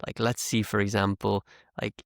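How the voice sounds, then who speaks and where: A man teaching an English lesson, explaining slowly and patiently, trying out example phrases and correcting himself as he goes. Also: fairly low pitch, flat delivery, vocal fry, no echo, studio quality. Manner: slow, explanatory, self-correcting, demonstrates tones.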